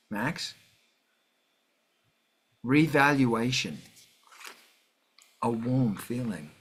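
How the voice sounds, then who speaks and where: A middle-aged man hosts a casual livestream, talking slowly and swearing through a loose rant. His voice sits a little high, with a bright, forceful edge. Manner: profane, ranting, heavy swearing. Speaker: host of a music livestream.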